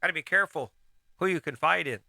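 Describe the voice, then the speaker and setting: A man's voice: a little high, fast talker, vocal fry, sharp tone, no room sound. A middle-aged man hosting a casual motivational monologue, rambling and restarting his sentences as he gives life advice. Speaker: host.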